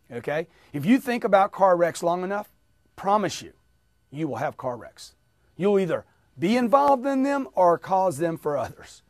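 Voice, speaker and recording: Energetic man coaching a sales training. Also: fairly high pitch, no room sound. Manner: energetic, emphatic, coaching the audience to repeat. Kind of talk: motivational sales training talk.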